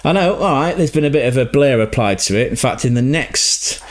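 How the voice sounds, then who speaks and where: A man giving casual, animated commentary on a game trailer, swearing freely, laughing mid-sentence and often checking in with "right?". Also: mid-range voice, a little fast. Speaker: reaction video host.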